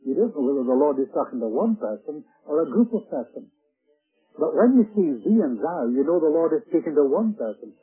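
A man's voice: on the high side, big pitch swings, brisk. A man preaching an earnest Bible teaching sermon, stressing key phrases with emphatic repetition. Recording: tinny phone-like band, husky.

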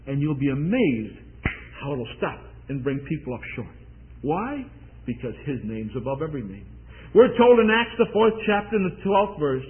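A man preaching a sermon, swinging from loud declaring to hushed pleading. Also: on the high side, big pitch swings, moderate pace. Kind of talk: revival-style sermon. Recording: tinny lo-fi phone-like sound.

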